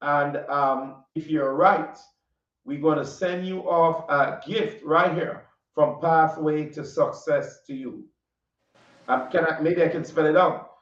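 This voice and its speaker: A man with a Caribbean accent hosting a casual interview, animated, often laughing and repeating his questions. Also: a little high, slow. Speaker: interview host. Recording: distant, roomy, dull audio.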